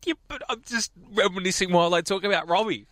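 A man's voice: sits high, quick pace, fairly bright tone, no echo, studio quality. A man, co-hosting a radio show and rambling through memories with frequent restarts. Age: 20s. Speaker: radio co-host. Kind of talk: casual radio banter. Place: radio studio.

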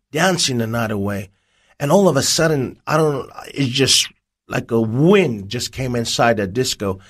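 A man's voice: mid-range voice, fairly bright tone, breathy edge. A man giving a personal testimony as an interview guest, telling his story vividly. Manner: vivid storytelling, acts out dialogue.

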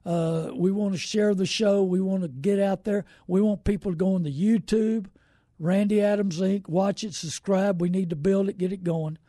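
A man's voice: high-pitched, steady tone, moderate pace, warm tone, no echo, studio quality. A middle-aged man, hosting a car-buying show in a casual, rambling, folksy way and greeting viewers by name. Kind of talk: casual live-stream talk.

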